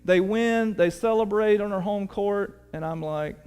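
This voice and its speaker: A man's voice: high voice, measured pace, a little mellow, clean tone. A middle-aged man preaching a sermon as pastor, telling a story in a conversational way and asking his congregation questions. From United States. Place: church sanctuary. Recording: long reverb of a church hall.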